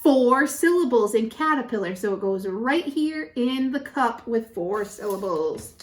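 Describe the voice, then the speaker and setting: Brief: female pre-K teacher, slightly high voice, very slow deliberate pacing, echoey room. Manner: animated and encouraging, counting syllables slowly. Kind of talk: children's lesson.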